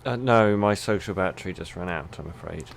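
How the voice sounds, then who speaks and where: A man's voice: deep voice, brisk, vocal fry, heavy background noise. A man playing in a tabletop game, bluntly and cheekily bantering in character. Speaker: player.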